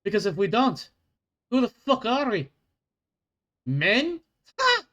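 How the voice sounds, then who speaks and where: A man voicing a gruff male dwarf guard who swears and talks in a rough dialect. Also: very high-pitched, huge pitch swings, slow, sharp tone, voice pushed up, heavily acted. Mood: scornful.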